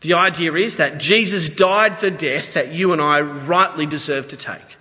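Australian male pastor, high bright voice, conversational sermon, echoey church hall. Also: normal speed. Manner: conversational, animated preaching with asides.

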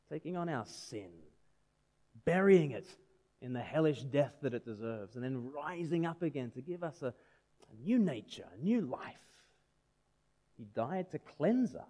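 A man's voice: on the high side, a little mellow. A man in his thirties preaching a sermon in a conversational way, asking his listeners questions. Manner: conversational, asks the audience questions.

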